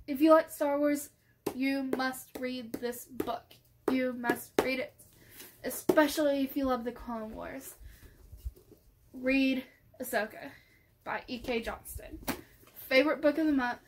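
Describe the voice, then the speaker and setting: A woman book vlogger chatting casually and gushing excitedly, often trailing off into soft asides. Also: high-pitched, takes it slowly, long pauses. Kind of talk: casual chat.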